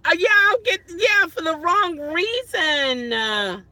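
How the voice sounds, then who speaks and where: High, bright-voiced woman chatting on a livestream. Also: big pitch swings, takes it slowly. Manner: flustered, exclaiming and laughing at herself. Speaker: rideshare driver livestreaming. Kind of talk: casual livestream chat. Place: parked car at night. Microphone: phone.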